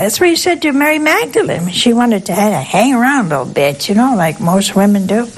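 Older nun preaching, chatty. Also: female voice, medium pitch, sing-song, a little fast, hardly any pauses, a little hiss or hum, rough recording. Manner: chatty, keeps asking the listeners questions; folksy and humorous. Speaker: nun giving a spiritual talk. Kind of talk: conversational sermon.

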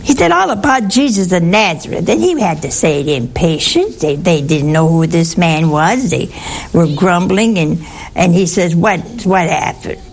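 In a fairly low voice at a moderate pace, a woman gives an informal Bible teaching to a group. She keeps it conversational and often puts questions to her listeners.

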